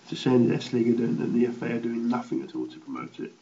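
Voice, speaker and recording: A blunt man runs through the weekend's football results in a loose, rambling way, swearing without a second thought. His voice is dark and mellow. The recording is roomy and a little dull. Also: mid-range voice, sing-song, very fast, creaky, slight background noise. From England. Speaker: football show host. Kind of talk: casual spoken results roundup.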